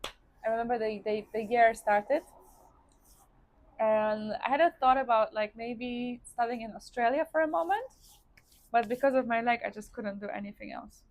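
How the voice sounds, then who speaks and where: A woman's voice: fairly high pitch, normal speed. A woman from Poland with a Polish accent, telling her personal story to viewers in a casual, chatty way while eating on camera. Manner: chatty, addresses viewers as guys, frequent likes. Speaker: vlogger. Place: indoors, seated eating on camera.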